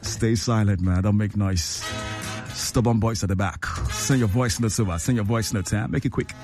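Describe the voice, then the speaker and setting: A man's voice: fairly low pitch, moderate pace, music in the background. A man hosting a call-in radio show from a studio, playful and teasing, repeating phrases. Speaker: radio host.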